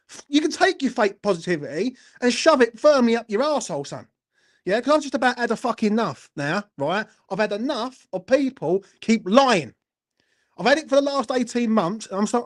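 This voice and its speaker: A man hosting a fan channel, delivering a furious, heavily sweary post-match football rant and often asking the viewer if they follow him. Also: very high voice. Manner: furious, heavily sweary, keeps asking "do you know what I mean".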